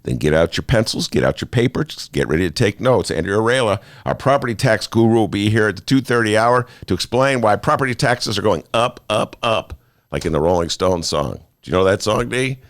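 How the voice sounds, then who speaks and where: A man hosting a political talk show, ranting about the news in a sarcastic, animated way. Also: lowish voice, a little fast, no echo, studio quality. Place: studio.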